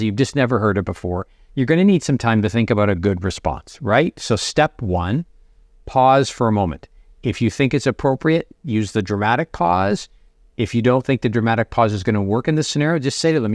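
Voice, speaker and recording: A middle-aged man coaching sales to camera, conversational and energetic, acting out sample lines to prospects. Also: medium pitch, brisk, no room sound, studio quality. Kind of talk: direct-to-camera coaching talk.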